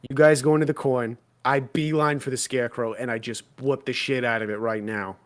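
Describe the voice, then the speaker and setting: A man's voice: medium pitch, fairly even intonation, a little fast. A man playing a tabletop role-playing game, chatting casually with dry, sarcastic banter.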